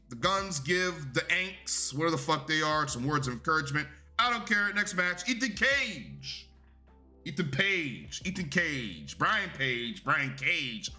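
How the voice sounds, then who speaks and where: A man's voice: on the high side, bright, forceful tone. A young man giving a casual, rambling and profane review of a wrestling show.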